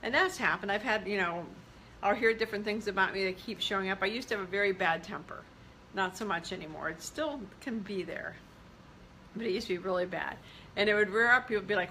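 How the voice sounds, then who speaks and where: A woman self-help vlogger speaks casually and candidly to her audience, mixing blunt asides with encouragement. Her voice sits mid-range and sounds bright and forceful. There is a faint hiss behind her. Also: medium pitch, brisk, rough recording. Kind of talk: casual motivational talk to camera.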